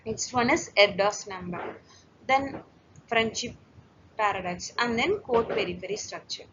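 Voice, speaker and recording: A woman gives a recorded lecture, explaining things step by step in a medium-pitched, slightly slow voice with occasional fillers and restarts. The recording is dull and lo-fi, with a faint hiss.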